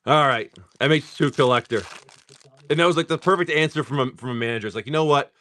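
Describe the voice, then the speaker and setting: A man opens trading card packs on a live stream, telling a rambling story and constantly breaking off to call out card names. His mid-range voice is a bit bright and quick-paced.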